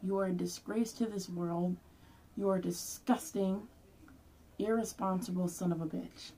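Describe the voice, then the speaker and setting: A young woman delivers a furious, swearing vlog rant in a lowish, mellow voice. She sits back from the microphone, so her voice sounds distant. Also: fairly even intonation, normal speed, a little hiss or hum. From Hispanic background. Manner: angry, heated, swearing. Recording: voice somewhat far from mic.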